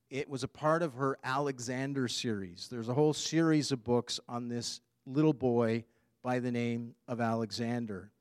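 A man preaching a sermon as a pastor, in a relaxed, conversational way. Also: mid-range voice, no room sound, studio quality.

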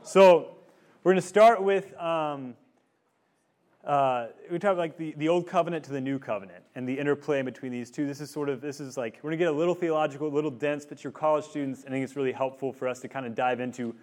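A man's voice: fairly high pitch, fast talker, darkish tone. A man in his thirties giving a casual teaching talk to college students, rambling through a family story with lots of fillers. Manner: rambling, filler-heavy storytelling with many likes. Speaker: campus ministry speaker. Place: room with a student group.

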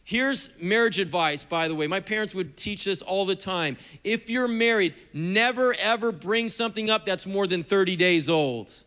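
A man's voice: sits high, moderate pace, few pauses, bright, forceful tone. A middle-aged man, a pastor, preaching a sermon in an earnest, conversational way with touches of humor.

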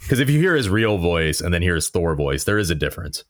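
Deep-voiced man, dry close sound. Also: very animated, fast talker, dry recording. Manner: chatty, self-correcting. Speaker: podcast co-host. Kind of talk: casual chat.

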